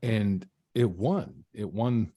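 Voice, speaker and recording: Low-voiced man telling his story. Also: takes it slowly, mellow, dry recording, clean studio sound. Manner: earnest, reflective, with repeated restarts. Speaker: podcast guest. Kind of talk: casual storytelling.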